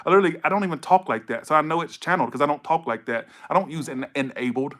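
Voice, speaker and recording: A man's voice: a little high, very fast, a bit bright. A man giving a casual tarot reading to camera, blunt and profane, scolding viewers and repeating himself for emphasis. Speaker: tarot reader.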